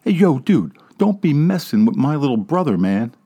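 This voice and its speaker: A man's voice: mid-range voice, big pitch swings, normal speed, mellow, breathy edge, pitched above the performer's own voice. A man voicing a big teenage boy in a story reading, firm and confrontational, standing up for his little brother. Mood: protective.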